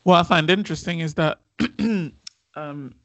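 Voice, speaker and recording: A man's voice: fairly high pitch, unhurried, gravelly, fairly bright tone, no echo. A man chatting on a podcast, recapping scenes and acting out what characters said. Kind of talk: casual podcast chat.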